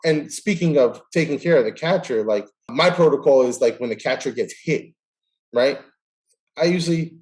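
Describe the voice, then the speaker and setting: A man's voice: mid-range voice, normal speed, rough recording. A man hosting a casual interview, telling stories animatedly and acting out the dialogue. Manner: animated storyteller who acts out dialogue. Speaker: host.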